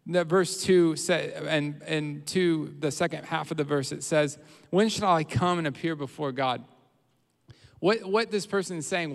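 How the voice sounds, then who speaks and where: A man preaching a sermon, earnest, getting louder when he voices a troubled prayer. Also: fairly high pitch, measured pace, vocal fry. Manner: earnest preaching, rises in volume on quoted prayers. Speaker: pastor. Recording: roomy hall reverb.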